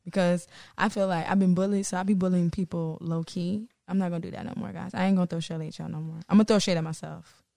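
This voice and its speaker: A woman's voice: on the low side, steady tone, quick pace, vocal fry, few pauses, dark tone. A young woman co-hosting a podcast in casual chat, playful and slangy, laughing often. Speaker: podcast co-host.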